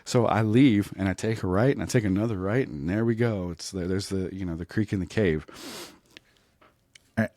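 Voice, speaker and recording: Deep-voiced man telling a comic story. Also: moderate pace, dry recording, clean studio sound. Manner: animated, self-mocking, keeps checking in with "right?". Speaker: comedian and podcast host.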